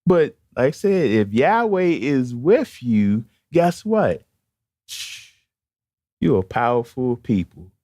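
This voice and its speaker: A man's voice: mid-range voice, very animated, slow, mellow, no room sound. A man preaching a sermon in an emphatic, conversational way, repeatedly calling out to the congregation, with a Baltimore accent.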